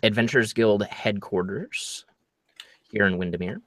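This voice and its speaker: A man narrating as game master for a tabletop game, laying out options in a slow, halting way with many fillers. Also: on the low side, fairly bright tone, no room sound.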